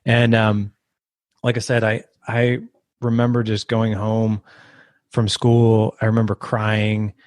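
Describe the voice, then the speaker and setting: A man on a podcast as a guest, telling a personal story in an earnest, halting way with many restarts. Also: fairly low pitch, completely flat delivery, darkish tone, no room sound.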